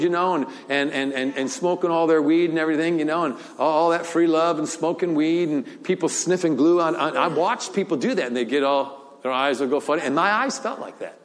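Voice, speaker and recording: An older man preaching a sermon, telling a story with frequent laughter and repeated words. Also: a little high. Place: large church hall. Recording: long hall reverb.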